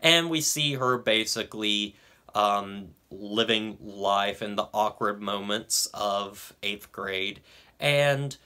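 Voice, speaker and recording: A man's voice: lowish voice, slow, sharp tone, clear, resonant tone. A young man giving a casual film review, hesitant, with frequent ums and restarts. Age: young adult.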